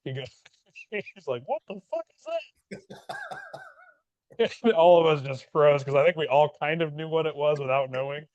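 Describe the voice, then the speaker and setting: A man's voice: on the high side, moderate pace, a little mellow, dull audio. A man, a podcast co-host and Air Force veteran, telling a rambling story in casual chat with lots of fillers. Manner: rambling, many fillers and restarts.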